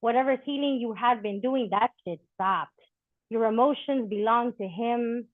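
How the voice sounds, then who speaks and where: A woman's voice: on the high side, normal speed, no echo. A woman performing spoken-word poetry and chatting candidly between poems at a live poetry event, swearing freely. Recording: thin phone-like dry recording.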